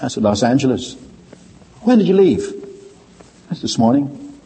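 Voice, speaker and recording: An older man preaching a sermon, telling stories and swinging between quiet low asides and raised, emphatic points. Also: big pitch swings, moderate pace, a little hiss or hum. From Ireland. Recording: reverberant hall.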